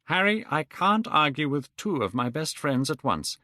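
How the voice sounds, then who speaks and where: A man's voice: on the high side, sing-song, moderate pace, bright, forceful tone, no echo, studio quality, voice pushed up. A man voicing an earnest painter who pleads with his young friend. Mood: pleading.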